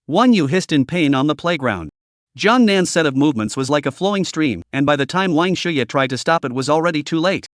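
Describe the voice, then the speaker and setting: Man reading a comic recap, bit high voice, dry close mic. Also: expressive, a little fast, no echo. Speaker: recap narrator. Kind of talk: scripted story narration.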